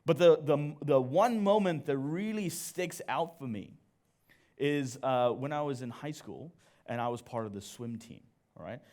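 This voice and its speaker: Male church speaker, mid-pitched voice, animated storyteller who pokes fun at himself. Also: unhurried. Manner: animated storyteller, jokes at own expense, addresses audience. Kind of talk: sermon with personal story. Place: church service.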